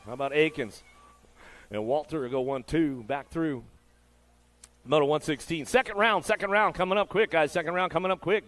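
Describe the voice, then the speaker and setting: A man calls the race live, rattling off names and positions in a hyped, easygoing patter. His voice sits a little higher than most men's, and he keeps throwing slang into the play-by-play. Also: a bit bright. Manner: hyped, laid-back slang-filled patter. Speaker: race announcer.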